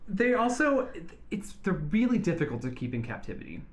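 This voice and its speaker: A podcast co-host presenting an animal topic in casual chat, chatty and quick to giggle. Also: medium pitch, very animated. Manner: chatty and giggly, with frequent fillers.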